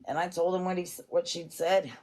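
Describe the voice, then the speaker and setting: A woman's voice: fairly low pitch, fairly even intonation, fairly quick, darkish tone. A woman, chatting casually on a livestream from her home kitchen and talking in long, rambling stretches. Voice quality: rambling, fond of "it's like".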